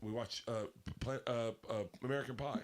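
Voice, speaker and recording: A man telling a long story on a podcast, profane and animated, swinging between loud excited bursts and low hushed asides. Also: fairly quick. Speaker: comedian guest telling a story.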